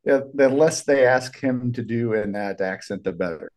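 Animated man co-hosting a podcast. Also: medium pitch, moderate pace. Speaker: podcast co-host. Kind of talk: casual movie chat.

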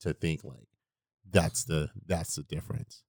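Deep-voiced man telling a story casually. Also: steady tone, a little slow, darkish tone, dry recording, clean studio sound. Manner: profane, storytelling with quoted voices. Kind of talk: casual chat.

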